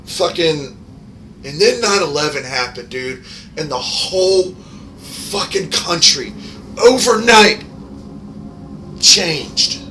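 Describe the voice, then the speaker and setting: A man's voice: fairly high pitch, animated, slow, bright, forceful tone. Heated, profane game-channel host, thirties male, rambling rant style, noisy recording. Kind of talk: ranting casual commentary.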